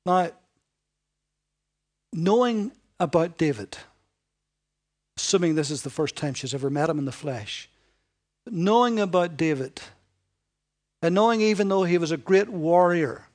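A man preaching a sermon to a congregation, animated and joking with his listeners as he reads and explains scripture. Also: on the high side, unhurried, pauses often.

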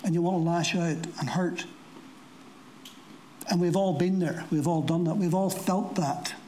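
A preacher giving a sermon to a congregation, talking plainly with rhetorical questions and dry asides, slowing down for scripture quotes. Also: medium pitch, darkish tone, slight background noise, low-quality recording. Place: church service before a congregation.

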